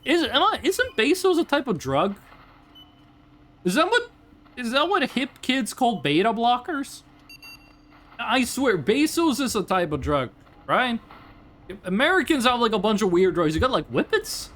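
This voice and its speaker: A man's voice: extremely high pitch, sing-song, a little slow, pauses often, a bit bright. A man in his twenties chatting casually and profanely with his chat while streaming a game. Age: 20s. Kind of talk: casual live game commentary.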